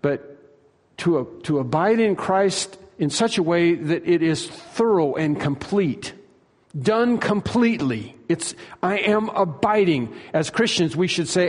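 Male preacher, fairly high voice, emphatic and repetitive, long hall echo. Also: lively intonation. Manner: emphatic, repeats key phrases and slows on them. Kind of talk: sermon.

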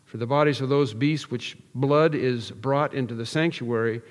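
A man's voice: medium pitch, normal speed, in a large hall. A man preaching an expository sermon, earnest and emphatic, building through repeated phrases with frequent restarts. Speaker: pastor.

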